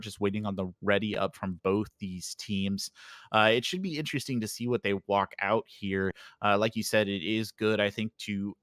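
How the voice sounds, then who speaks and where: A man casting an esports match play-by-play, rising to excitement in fights and chatting easily between maps on a headset mic. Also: lowish voice, no room sound, studio quality. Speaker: play-by-play caster. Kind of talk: esports commentary.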